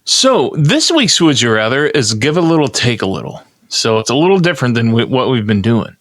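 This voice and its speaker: A man's voice: mid-range voice, very animated, a little fast, no echo, studio quality. A man co-hosting a podcast, announcing a game segment with a showman's flair and then casually laying out the rules. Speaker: podcast co-host.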